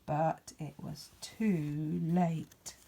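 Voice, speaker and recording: A woman teacher reading a picture book aloud to children, expressive and playful with whispered asides. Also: sits low, very slow, gravelly, slight background noise. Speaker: primary school teacher.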